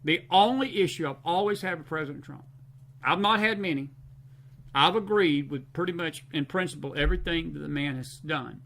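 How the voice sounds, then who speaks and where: High, bright-voiced Southern American man hosting. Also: normal speed, creaky. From Southern United States. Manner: emphatic, repeats phrases for stress. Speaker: host. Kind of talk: late-night live-stream talk, reading viewer comments.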